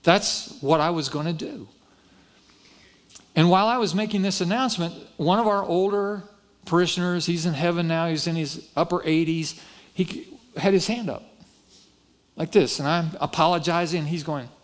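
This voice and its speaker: A man preaching with a fairly high voice. He tells a personal story from the pulpit in a folksy, self-deprecating way, acting out what each person said. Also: moderate pace. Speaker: pastor. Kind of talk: sermon storytelling.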